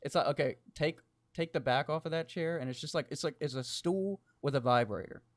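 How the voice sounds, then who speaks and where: A man's voice: fairly high pitch, fairly quick, dry recording, studio quality. Rambling, profane podcast co-host, a man. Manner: rambling, profane, laughs often. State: deep, crackly morning voice. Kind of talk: casual chat.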